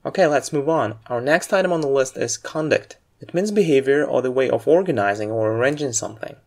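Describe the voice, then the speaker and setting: Reading example sentences after a clear, measured explanation of word stress, a man with a mid-range voice leads a scripted aviation English lesson.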